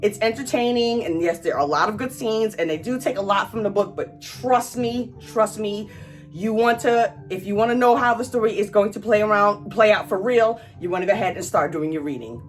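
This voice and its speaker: A woman's voice: medium pitch, brisk, few pauses, soft background music. A woman vlogger ranting in angry, emphatic commentary, stretching out words for stress.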